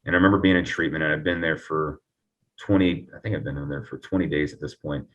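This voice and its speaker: A man telling his recovery story earnestly and reflectively as an interview guest, often pausing and restarting. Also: rumbling low, steady tone, a bit bright, distant mic, lo-fi sound.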